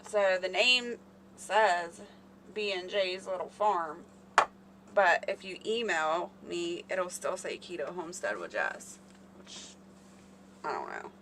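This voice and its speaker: A woman's voice: fairly low pitch, lively intonation, slow pace, long pauses, background noise. A woman hosting a casual live stream, rambling and chatting with her viewers by name. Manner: chatty, rambling, talks to chat readers by name.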